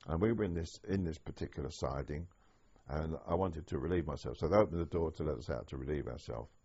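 An older man recalling wartime memories in an oral history interview, speaking haltingly with many restarts. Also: a bass voice, dark tone, breathy edge. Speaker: interviewee, former prisoner of war. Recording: dull lo-fi archive tape.

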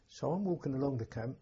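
An elderly man recalling his war years, halting and repeating words as emotion rises. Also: mid-range voice, dark tone, husky. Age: older. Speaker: war veteran interviewee. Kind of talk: personal recollection. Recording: dull lo-fi recording.

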